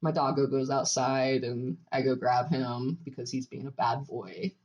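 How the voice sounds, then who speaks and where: A woman's voice: a bass voice, flat delivery, moderate pace, darkish tone, dull audio. A young woman co-hosting a podcast, telling a story in casual chat with frequent laughs. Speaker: podcast co-host.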